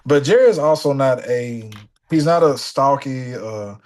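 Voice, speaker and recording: A young man telling a funny studio story in a casual sit-down conversation, animated and dropping into the voices of the people in it. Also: mid-range voice, unhurried. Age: young adult. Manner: animated, slips into voices of the people in his stories. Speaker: guest musician.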